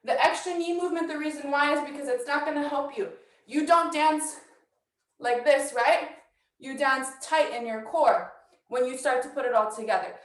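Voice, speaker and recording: A woman teaching a dance workshop, coaching brisk and counting steps, a little out of breath. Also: high voice, echoey room, distant mic, low-quality recording. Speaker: dance instructor. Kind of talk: online dance workshop instruction. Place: house.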